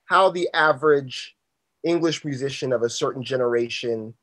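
A man's voice: mid-range voice, normal speed, fairly bright tone, dry recording, low-quality recording. A man from Queens with a New York accent, interviewing a guest in a loose, chatty way with plenty of "sort of" and "like". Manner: loose, conversational, leans on fillers like "sort of" and "like". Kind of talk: casual interview.

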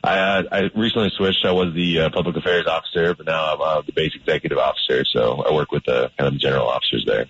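A man, a pro football player, talking casually as an interview guest in a modest, halting way with restarts. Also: rumbling low, steady tone, fairly bright tone, husky, no room sound. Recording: dull lo-fi radio sound.

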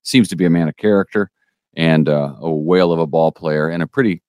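A man co-hosting a local news podcast in casual chat, halting and opinionated, often restarting his sentences. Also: extremely low pitch, darkish tone, no room sound, clean studio sound.

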